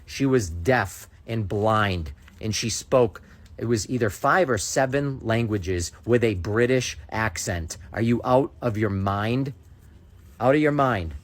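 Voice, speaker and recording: A man's voice: lowish voice, takes it slowly. Indignant man ranting to camera. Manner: indignant, sarcastic, combative. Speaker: content creator. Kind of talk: ranting direct-to-camera monologue.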